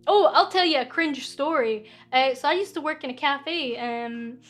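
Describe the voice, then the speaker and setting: This is a young woman with a Scottish accent hosting a casual question-and-answer stream. Her voice sits high, and she rambles from one thought to the next with easy self-deprecation. Soft music plays faintly underneath. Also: normal speed. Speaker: VTuber streamer.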